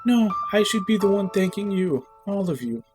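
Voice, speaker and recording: A man voicing a delirious, dying little girl with a high, childlike pleading voice. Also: animated, moderate pace, music in the background. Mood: tearful joy.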